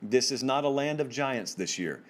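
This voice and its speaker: Man, sports show host, solo commentary, medium pitch, emphatic, casual, talks straight to viewers. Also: lively intonation, moderate pace. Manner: emphatic, conversational, pitch swings up for stress; informal slang and direct address to viewers. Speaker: host of a college football show.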